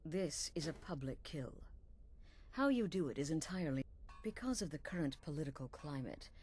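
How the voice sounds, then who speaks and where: A low-voiced scheming assassin. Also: female voice, husky. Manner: calm, conspiratorial, deliberate. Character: scheming female assassin plotting a wedding murder. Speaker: game character.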